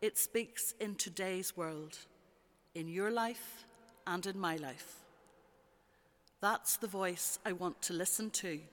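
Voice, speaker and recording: A preacher giving a measured, rhetorical sermon with repeated phrases, recorded in a church. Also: medium pitch, a bit bright. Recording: long church reverb.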